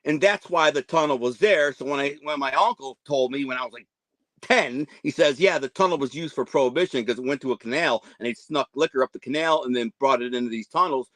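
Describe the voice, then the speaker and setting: A man's voice: medium pitch, a little fast, a bit bright, no echo. A man around fifty, a guest telling long rambling stories and acting out the voices of the people in them. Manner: rambling, acts out quoted voices. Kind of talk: casual storytelling interview.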